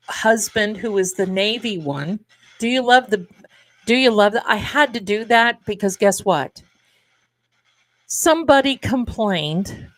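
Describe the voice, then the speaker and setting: A woman's voice: mid-range voice, a bit bright. A middle-aged woman hosting a live tarot stream, chatting casually and rambling to her viewers, calling them her darlings.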